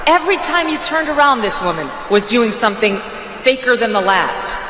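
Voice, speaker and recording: A woman's voice: fairly high pitch, lively intonation, a little fast, bright, forceful tone. Sarcastic woman in an echoey clip. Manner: mocking, sarcastic. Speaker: commentator in a played clip. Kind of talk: broadcast political commentary. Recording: roomy reverberant clip with background noise.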